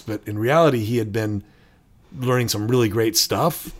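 A man's voice: lowish voice, normal speed. A middle-aged man co-hosting a podcast in casual chat, telling stories animatedly and acting out quotes. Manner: animated storytelling, acts out movie quotes. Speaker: podcast co-host.

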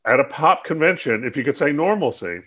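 Halting, chatty male podcast co-host. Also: a little high, animated, sharp tone. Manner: halting, many restarts and fillers. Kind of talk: casual chat.

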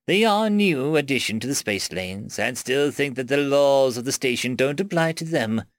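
A man voicing a nervous male alien ambassador who stammers in a high, agitated voice. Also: expressive, normal speed, no room sound, studio quality, lightly acted. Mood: warning.

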